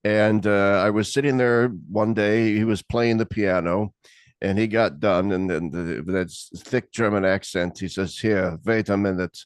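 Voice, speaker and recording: A man's voice: lowish voice, fairly even intonation, measured pace, smooth, dry recording, studio quality. A man in his sixties hosting an interview, talking in an earnest, discursive way with frequent restarts. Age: 60s. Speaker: interview host. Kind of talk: conversational interview.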